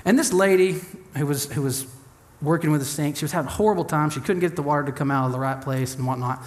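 A young adult man preaching a sermon in an animated, humorous way, acting out the voices of the people he quotes. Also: a little high, quick pace. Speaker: pastor.

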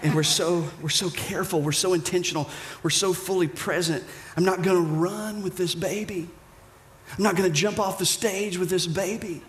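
A man preaching a sermon as pastor, animated, dropping to hushed whispers and rising to shouted emphasis. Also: high-pitched, fairly quick, roomy sound, slight background noise.

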